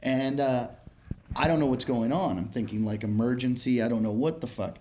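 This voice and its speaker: A man's voice: medium pitch, normal speed, a little mellow, a little hiss or hum. A man from Pittsburgh, a comedian and podcast host, telling a rambling story in casual chat and laughing along with it. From Pittsburgh, USA.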